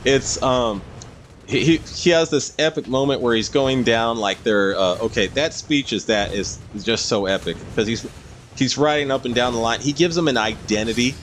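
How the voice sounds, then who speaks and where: A man's voice: medium pitch, moderate pace, slight background noise. A man streaming a game and casually chatting through viewer comments in a rambling way. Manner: rambling, with frequent fillers and laughs. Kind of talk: casual livestream chat, reading viewer comments.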